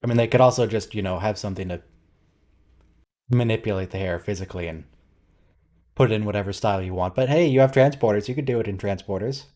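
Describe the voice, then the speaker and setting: A man's voice: lowish voice, fast, long pauses, dark tone. A man hosting a watch-along, giving casual, wry, quizzical commentary and thinking aloud.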